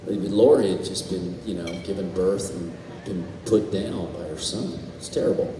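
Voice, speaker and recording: A man on a convention panel telling animated stories, swearing and laughing as he goes. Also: deep voice, normal speed, a little hiss or hum. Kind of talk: storytelling on a panel. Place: large convention hall. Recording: echoey hall, far from mic, faint ambience.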